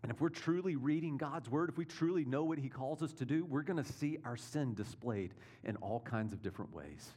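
A man's voice: medium pitch, expressive, a little fast, hardly any pauses, warm tone. Conversational male pastor preaching. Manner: conversational, checks in with listeners with rhetorical questions. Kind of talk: sermon.

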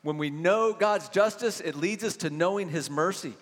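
A middle-aged man preaching a sermon in a church, telling stories and acting out little conversations, then dropping to a soft hushed voice for emphasis. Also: sits high, normal speed. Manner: animated storytelling, acts out little dialogues, drops to soft hushed tones for emphasis. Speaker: pastor. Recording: long reverb of a church hall.

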